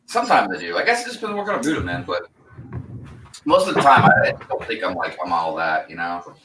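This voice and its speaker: A man's voice: low voice, big pitch swings, fast talker. A man in a laid-back, easygoing casual chat, often calling the other man "man" or "dude". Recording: echoey room, distant mic, faint noise.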